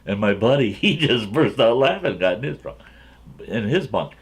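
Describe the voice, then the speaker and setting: A man's voice: mid-range voice, sing-song, moderate pace, slightly rough. A man hosting his own channel, telling a folksy, rambling story from his younger days and often chuckling as he goes.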